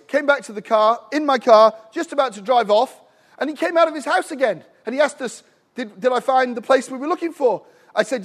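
A middle-aged man preaching a sermon with passion, telling stories and calling out to the congregation for an amen. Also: very high-pitched. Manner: impassioned, rising to shouts with frequent "Amen?" calls.

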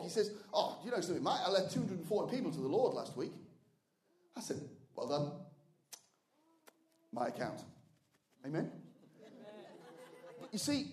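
This older preacher tells his testimony from the pulpit as a sermon. His voice sits high for a man and swings between quiet storytelling and loud, fervent shouting. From England.

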